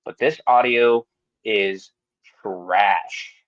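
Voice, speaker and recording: A man's voice: medium pitch, unhurried, no room sound, muffled recording. A man hosting a wrestling podcast in a studio, talking bluntly and mockingly with plenty of swearing. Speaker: podcast host. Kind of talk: casual chat.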